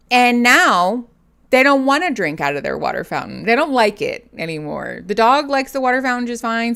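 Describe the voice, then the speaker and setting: A woman's voice: a bit bright, clear, resonant tone. Chatty, rambling woman livestream host. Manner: chatty and rambling, laughs often, coos at her cat in a high baby voice. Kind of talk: casual livestream chat.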